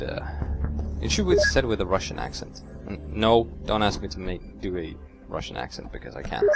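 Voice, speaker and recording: Gravelly, slow-talking man doing gameplay commentary. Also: wildly swooping pitch. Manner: sarcastic, talks to himself, wild swings in pitch. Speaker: let's play host.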